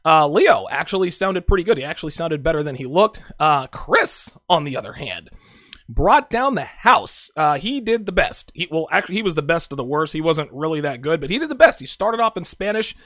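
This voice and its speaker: A man's voice: fairly high pitch, sing-song, brisk, fairly bright tone, dry recording, studio quality. A man giving blunt, profane casual commentary on a TV show, talking straight to his viewers.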